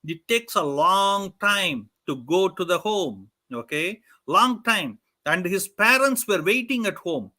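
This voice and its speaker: Man, devotional storyteller, high voice, bright tone, keeps asking "okay?". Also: lively intonation, slow pace, few pauses. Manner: keeps checking in with "okay?" and "guess what?".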